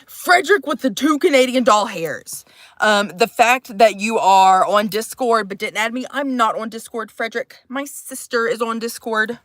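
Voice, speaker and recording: A woman's voice: fairly high pitch, normal speed, a bit bright, no room sound, studio quality. A woman in her thirties from Texas, with mixed, shifting accents, chatting casually and profanely on a livestream, rambling and sighing often. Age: 30s.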